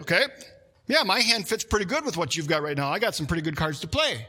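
A man preaching a sermon, animated, reading scripture aloud and talking through a card-game illustration. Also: fairly high pitch, fast, breathy edge. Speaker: pastor.

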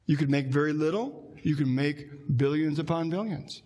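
Guy giving a sermon, kinda high voice, chatty, slows way down on the big points. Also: warm tone. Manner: conversational preaching, slows down and drops low for emphasis. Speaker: pastor.

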